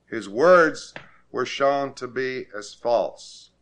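A male preacher leads his listeners through scripture and calls on them to read aloud. He talks in a plain middle register, and he builds to forceful, repeated declarations when he drives a point home. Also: mid-range voice, lively intonation, drawn-out words. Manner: emphatic, rises to forceful repetition. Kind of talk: sermon.

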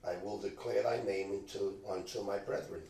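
A man reading scripture aloud in a slow, measured way at a Bible study, now and then stumbling on a word. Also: lowish voice, fairly even intonation, creaky, warm tone, a little hiss or hum. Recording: echoey room, distant mic, faint background.

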